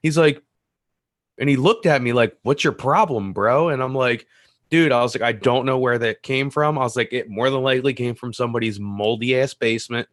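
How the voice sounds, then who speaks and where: A man's voice: mid-range voice, fairly quick, fairly bright tone, dry recording, clean studio sound. Laid-back man retelling a story. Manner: laid-back, quoting himself and others. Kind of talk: casual storytelling on a live stream.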